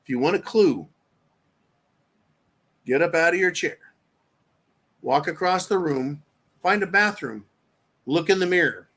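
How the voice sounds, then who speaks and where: A man rants on his own live show in a profane, combative way, his slightly high voice pushed forward and bright with force. He talks straight to his viewers and breaks off to read their comments aloud. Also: lively intonation, measured pace, pauses often. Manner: reads viewer chat aloud. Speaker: show host. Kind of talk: live-stream commentary rant.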